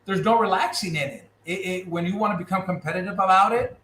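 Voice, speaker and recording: Blunt impassioned candidate, echoey room. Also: male voice, sits high, quick pace, sharp tone. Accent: Californian. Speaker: political candidate. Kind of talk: candid interview answers. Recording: echoey room with faint noise.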